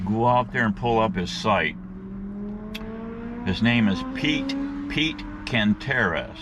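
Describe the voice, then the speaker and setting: A man telling a rambling, folksy story to his viewers in a casual, animated way, with plenty of slang, and he calls them guys. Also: lowish voice, takes it slowly, noisy background. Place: outdoors.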